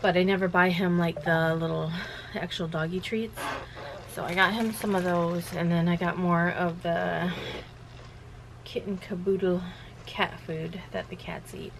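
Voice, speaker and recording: A woman's voice: fairly low pitch, flat delivery, unhurried, vocal fry, slight background noise, poor audio. A woman chatting casually from home in a rambling vlog, laughing often. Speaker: vlogger running a shirt business.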